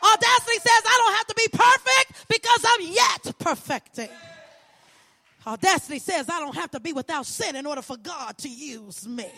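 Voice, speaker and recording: A woman preaching an impassioned sermon, building repeated lines into ringing shouts. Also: very high-pitched, expressive, normal speed, slight background noise. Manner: rhythmic repetition, building to shouts.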